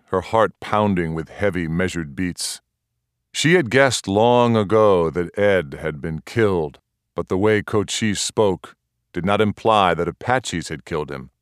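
A man with a very deep voice reads a western novel aloud at a slow, steady pace. The recording is close and dry, with no echo around him. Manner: steady, unhurried storytelling. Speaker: audiobook narrator. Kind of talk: scripted narration of a western novel.

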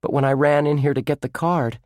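A man's voice: fairly high pitch, steady tone, fairly quick, a little mellow, no room sound, clean studio sound, pitched above the performer's own voice, lightly acted. Man voicing a glum boy, Lucky. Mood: explaining. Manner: glum, explaining. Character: boy upset about a theft.

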